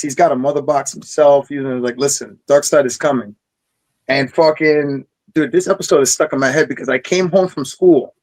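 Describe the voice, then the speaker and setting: An excited man telling stories in casual chat, swearing freely as he talks. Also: fairly high pitch, poor audio. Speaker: podcast host.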